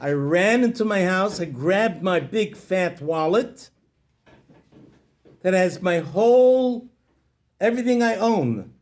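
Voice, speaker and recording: A man's voice: fairly high pitch, lively intonation, moderate pace, close to an everyday voice. A man voicing a distraught man who lost everything. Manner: distraught, pleading. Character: grief-stricken man who lost his fortune.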